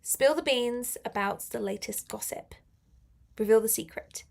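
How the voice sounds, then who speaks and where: A woman's voice: a little high, unhurried, gravelly, a little mellow. A young woman teaching an English lesson on a live stream, chatty and upbeat, laughing often.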